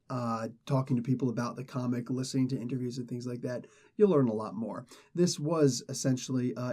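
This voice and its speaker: A man's voice: medium pitch, mellow. A man casually reviewing a comic book, rambling and correcting himself as he gives his opinions. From not British.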